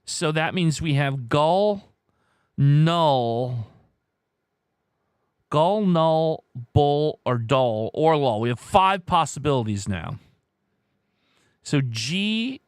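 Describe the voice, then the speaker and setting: A man's voice: mid-range voice, clear, resonant tone, no echo, clean studio sound. A man hosting a casual live stream, thinking aloud as he weighs guesses and chats with viewers.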